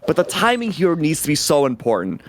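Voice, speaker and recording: Excitable high-voiced male game caster. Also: a little fast. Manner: energetic, excitable play-by-play. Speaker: esports caster. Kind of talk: live game commentary. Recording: noisy stream audio with game sounds.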